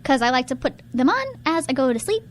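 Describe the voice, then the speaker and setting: Giggly high-voiced woman podcaster. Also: very animated, fast talker. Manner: rambling, giggly, restarts often. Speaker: podcast co-host. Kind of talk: casual chat.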